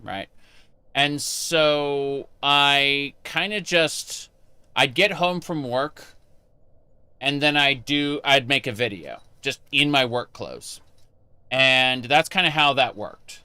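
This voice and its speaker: A man's voice: mid-range voice, pushed and bright, clear, resonant tone, no echo. A man chatting casually with his live-stream chat while playing a game, rambling with many fillers and restarts.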